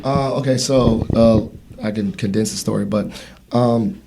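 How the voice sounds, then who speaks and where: A man's voice: fairly low pitch, steady tone, measured pace, gravelly, very noisy. A man in his thirties hosting a casual podcast conversation, telling a story in a rambling way with many fillers and restarts. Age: 30s. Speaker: podcast host.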